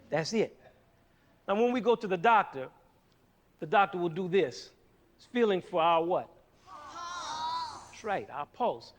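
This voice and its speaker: Animated man teaching rhythm. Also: high voice. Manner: animated, asks the audience questions. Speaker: music teacher. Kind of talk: lesson on rhythm.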